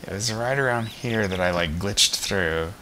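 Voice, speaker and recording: A man's voice: fairly low pitch, unhurried, very noisy. A man giving casual commentary while playing a game, chatty and self-deprecating, talking to the characters on screen. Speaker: let's play gamer. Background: game music.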